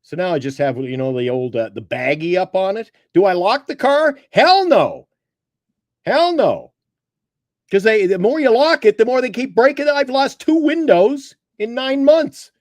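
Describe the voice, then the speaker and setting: A man co-hosting a casual sports talk show, telling stories in an animated, sarcastic way. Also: normal speed, few pauses, dry recording. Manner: animated, sarcastic storytelling with big swings of pitch. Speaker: podcast co-host.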